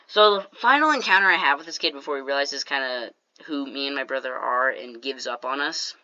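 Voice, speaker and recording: Bright-voiced storyteller with jokey asides. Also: medium pitch, lo-fi sound. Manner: animated, jokey, quick asides to viewers. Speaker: storytime YouTuber. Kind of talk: casual storytime over gameplay.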